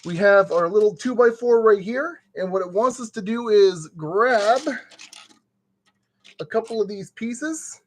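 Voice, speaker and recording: A man chats in a slow, unhurried way as he puts a kit together on stream. He mutters to himself and the pieces and tosses out silly made-up exclamations. He sounds sweaty and worn by the summer heat. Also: sits high. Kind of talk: casual live-stream commentary.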